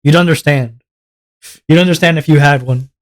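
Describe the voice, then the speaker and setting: A young man from Canada holds forth on his livestream in a loose, exasperated rant, cursing freely and laughing along as he goes. His voice sits a little higher than most men's. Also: moderate pace. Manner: animated, exasperated ranting with swearing and laughter. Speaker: streamer.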